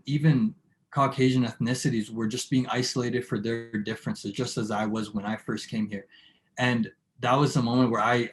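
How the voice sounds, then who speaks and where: A young man talks about his own experiences in an earnest, reflective way. He often repeats words as he sets up a sentence. His voice sits at an ordinary middle pitch. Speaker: guest speaker. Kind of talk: casual chat.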